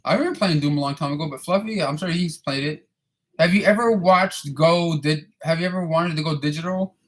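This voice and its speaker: Here a man in his thirties, with a slightly high voice and a slightly fast pace, answers viewer questions casually. He rambles, curses, and often repeats or restarts what he's saying.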